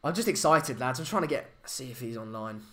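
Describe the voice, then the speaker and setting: A man's voice: medium pitch, animated, brisk, pushed and bright. A young man, hosting a casual live stream chat, hesitant with many fillers and restarts. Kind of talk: casual live match chat, reading comments.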